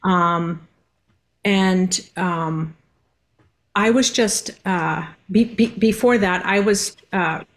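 A woman's voice: fairly low pitch, extremely slow. A woman guest on a radio interview, speaking in a hesitant, searching way full of ums, repeats and restarts. She answers thoughtfully, feeling her way through each sentence. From Massachusetts. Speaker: guest, linguist.

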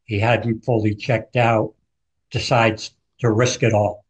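A man's voice: lowish voice, level tone, takes it slowly, breathy edge. A man who is an author, vividly retelling a true story as a guest in a radio interview.

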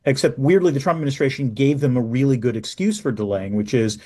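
A man, a professor guest, explaining in a measured way with fillers like "um", speaking over a video call. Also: mid-range voice, darkish tone. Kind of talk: expert radio interview.

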